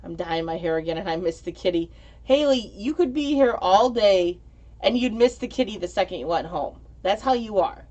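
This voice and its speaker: A woman with a mid-range, animated voice hosts a casual livestream from home, talking at a normal speed in a warm tone. She rambles and giggles, often stumbling over her words as she reads the chat. The recording has its highs cut off.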